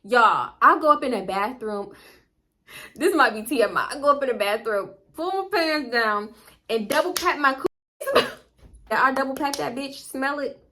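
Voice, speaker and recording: A woman's voice: high voice, lively intonation, measured pace, pushed and bright, a little hiss or hum. A young woman vlogger telling a storytime casually, chatty and slangy, swearing freely and acting out what people said.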